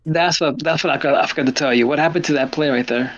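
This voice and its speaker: Lively man hosting a trading stream. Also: on the high side, quick pace, lo-fi sound. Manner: animated storytelling with lots of restarts. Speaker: stream host. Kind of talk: casual trading chat.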